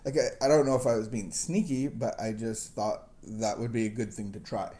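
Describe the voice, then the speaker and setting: This recovery podcast host, a missionary kid raised partly in Southeast Asia, speaks at normal speed in a lowish, dark voice with fairly even intonation. His storytelling is casual and conversational, rambling and self-deprecating, full of chuckles and restarts.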